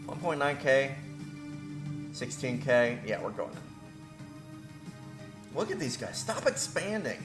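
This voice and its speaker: A man's voice: mid-range voice, animated, takes it slowly, pauses often, reverberant, music in the background. A man hosting a let's play, rambling through his moves and griping about the game in a self-deprecating way. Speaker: gaming video host.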